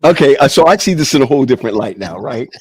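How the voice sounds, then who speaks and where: A man's voice: mid-range voice, lively intonation, very fast, husky, no echo. A man in casual conversation who often stumbles and restarts his sentences. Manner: hesitant, stammering restarts. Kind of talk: casual chat.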